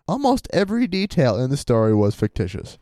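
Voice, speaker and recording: Wry podcast host with lively pitch. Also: male voice, brisk, no room sound, clean studio sound. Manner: wry, sarcastic asides. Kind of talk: casual chat, reading sources aloud.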